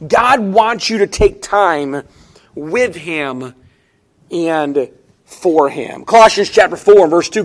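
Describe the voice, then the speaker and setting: A middle-aged man preaching a sermon as pastor. He swings from hushed asides to shouted, emphatic refrains. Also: high voice, expressive, measured pace.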